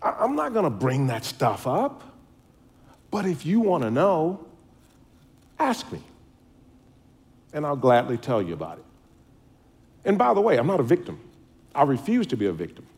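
Folksy man giving a lively speech. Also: fairly high pitch, normal speed, long pauses. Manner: folksy, storytelling, self-deprecating. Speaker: speaker. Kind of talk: public speech.

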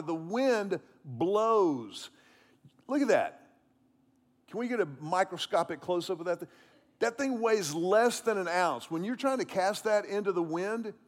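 A man preaching in a loose, chatty storytelling way, his voice sitting high for a man. The sound rings with the long reverb of a large hall. He talks from a church stage. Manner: casual, animated storytelling with fillers. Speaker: pastor. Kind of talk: sermon storytelling.

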